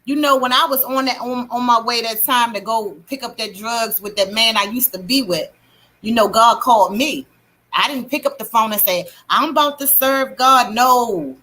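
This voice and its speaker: A middle-aged woman hosting a livestream, telling her testimony in a casual, animated way and greeting chat viewers. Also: on the high side, normal speed. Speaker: livestream host.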